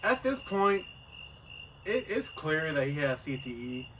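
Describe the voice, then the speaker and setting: A man co-hosting a casual sports podcast, teasing his partner and rambling with repeated words. The mic sits at a distance. A clear hiss of noise runs under his voice. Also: on the high side, very animated, measured pace. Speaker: podcast co-host.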